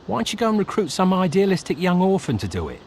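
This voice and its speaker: A man's voice: high voice, huge pitch swings, quick pace, a little mellow, slight background noise, full character voice. An actor playing a sarcastic, greedy male hero in a video game, with a snarky, dismissive way of talking. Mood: irritated.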